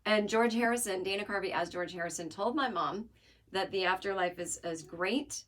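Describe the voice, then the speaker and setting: A woman's voice: medium pitch, normal speed, a bit bright. A woman hosting her podcast alone, talking casually in a wry, joking, rambling way. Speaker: podcast host. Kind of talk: casual solo monologue.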